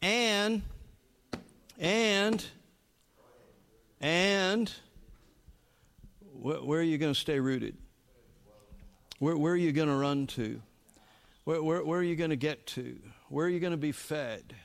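A man preaching a sermon, telling a story with animated emphasis and halting restarts. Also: fairly high pitch, creaky. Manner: halting restarts and repeated words. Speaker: pastor.

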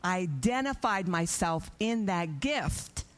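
A middle-aged woman giving an animated testimony in a church service, acting out her own prayers and conversations. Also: lowish voice, slow.

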